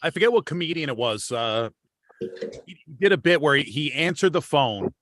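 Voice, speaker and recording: A man's voice: on the high side, animated, normal speed, fairly bright tone. A man co-hosting a casual talk show, swearing freely and reacting with energy. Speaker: podcast co-host. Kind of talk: casual chat.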